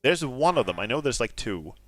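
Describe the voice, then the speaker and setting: A man's voice: medium pitch, very animated, fairly quick, no room sound. A man giving casual gameplay commentary, giggling often, shifting between mumbled asides and sudden alarmed outbursts, apologizing sheepishly. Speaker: gaming streamer.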